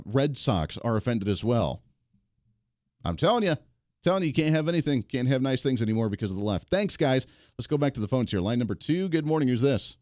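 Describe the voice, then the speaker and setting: Sarcastic, animated male radio host. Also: mid-range voice, no echo, clean studio sound. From United States. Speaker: radio talk show host. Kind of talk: call-in talk radio.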